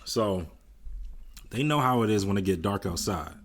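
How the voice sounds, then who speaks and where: A man's voice: lowish voice, expressive, moderate pace. A young man co-hosting a podcast, in loose, joking, profane casual chat. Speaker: podcast co-host.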